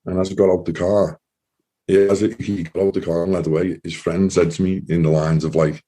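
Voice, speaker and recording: A low, mellow, husky-voiced man in his thirties tells his story in a relaxed interview. He speaks haltingly, restarting his sentences and acting out past conversations as quotes. His voice sits deep and dark. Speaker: interview guest, former soldier.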